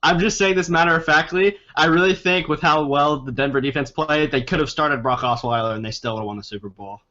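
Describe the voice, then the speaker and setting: A man's voice: medium pitch, fast, pushed and bright. A young man co-hosting a sports podcast, giving opinions in casual chat and laughing easily. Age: young adult. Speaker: podcast co-host. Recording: dull lo-fi podcast audio.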